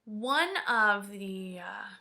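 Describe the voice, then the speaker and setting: A woman vlogger telling a personal story in an emotional, halting way, sometimes dropping to a hush. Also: mid-range voice, lively intonation, vocal fry.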